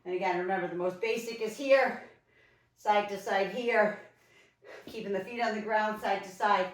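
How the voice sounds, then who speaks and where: A woman leading a home workout, coaching and counting down reps in an energetic, encouraging way while out of breath. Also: medium pitch, moderate pace. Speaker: fitness instructor. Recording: echoey room, mic far off.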